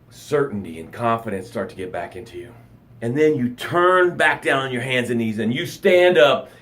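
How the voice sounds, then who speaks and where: Animated middle-aged male life coach. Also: mid-range voice. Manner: dramatic, animated delivery with acted-out sounds and gasps. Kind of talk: motivational live broadcast. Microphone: camera for a live stream.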